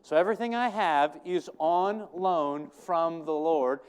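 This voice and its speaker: A man's voice: fairly high pitch, unhurried, clean tone. A man preaching a sermon as pastor, earnest, repeating his key lines for emphasis.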